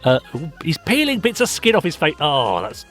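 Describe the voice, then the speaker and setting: A man's voice: fairly high pitch, wildly swooping pitch, normal speed, fairly bright tone, soft background music. A man hosting a podcast, playfully reading out listener messages in casual chat. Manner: playful, upbeat reading aloud. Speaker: podcast host.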